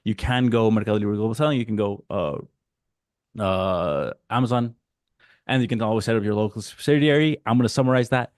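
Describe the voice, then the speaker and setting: Mexican guy on a video call webinar, kinda low voice, casual and lively, dry sound. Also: dry recording. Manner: casual and animated, mimics customers in quick asides. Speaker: guest speaker. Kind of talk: webinar presentation.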